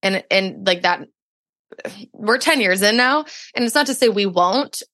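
A woman's voice: mid-range voice, expressive, a little slow, pushed and bright, dry recording, clean studio sound. A young adult woman, a podcast guest, telling a personal story in casual chat and saying "like" often. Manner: chatty storytelling, heavy use of "like".

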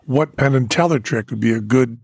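A man's voice: medium pitch, brisk, a little mellow, dry recording, studio quality. An older man hosting a casual chat, rambling and teasing his daughter. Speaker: podcast host.

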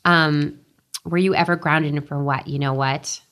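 Low-voiced chatty woman, candid interview guest. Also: steady tone, unhurried, a bit bright, a little hiss or hum. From Westchester, New York. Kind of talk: casual interview chat.

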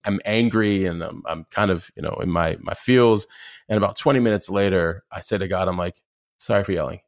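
A man talking as a podcast guest, animated, acting out his inner dialogue. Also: low-pitched, fairly quick, dry recording, studio quality. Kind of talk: casual conversation.

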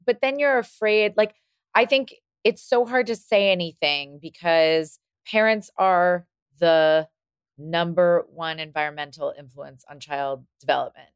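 A woman's voice: lowish voice, a little slow, clear, resonant tone, dry recording, clean studio sound. A woman hosting a podcast, talking in a thoughtful, casual way and circling back to restate her points. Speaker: podcast host and psychologist. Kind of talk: casual conversational podcast discussion.

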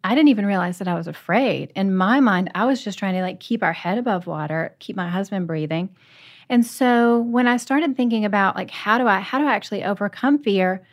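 A woman's voice: medium pitch, fairly quick, dull audio. Earnest woman author telling her story. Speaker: author guest. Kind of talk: personal storytelling.

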